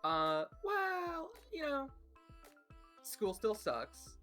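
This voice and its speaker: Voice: high-pitched, wildly swooping pitch, drawn-out words, bright, forceful tone. Chatty tabletop player rambling about their character, faint music behind. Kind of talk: casual tabletop game play.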